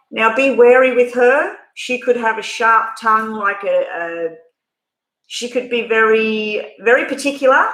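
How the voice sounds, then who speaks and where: A woman's voice: medium pitch, bright, forceful tone, reverberant, poor audio. Chatty woman reading tarot. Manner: chatty, rambling, lots of fillers and restarts. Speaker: tarot reader. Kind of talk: live-stream tarot reading.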